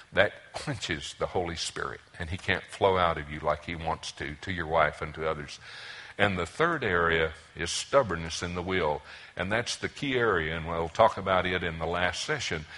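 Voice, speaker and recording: A man preaching a sermon to his congregation as pastor, impassioned, swinging from loud emphasis to hushed whispers. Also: low-pitched, slightly rough. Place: church service before a congregation.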